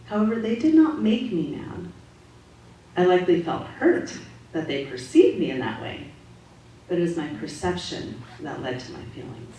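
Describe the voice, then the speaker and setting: A woman giving a calm, measured, gently instructive Sunday talk to a congregation, as a spiritual practitioner. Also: lowish voice. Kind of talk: sermon-style talk to a congregation. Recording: echoey hall audio from far off, faint noise.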